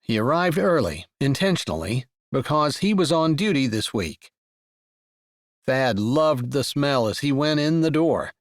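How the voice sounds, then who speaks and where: A man narrating a romance audiobook in an expressive storytelling voice. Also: mid-range voice, unhurried, dry recording, studio quality.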